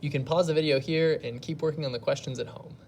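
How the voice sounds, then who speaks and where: A woman's voice: low voice, steady tone, fast, darkish tone, a little hiss or hum. A woman teacher giving a recorded reading lesson to young pupils at home. She talks patiently and thinks aloud step by step. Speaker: elementary school teacher.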